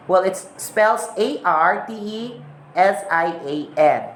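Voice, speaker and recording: Woman, teacher, repeats words slowly, echoey room, faint background noise. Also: lowish voice, lively intonation. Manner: slow, repeats example words to model pronunciation. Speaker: English teacher. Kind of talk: recorded lesson on English accents.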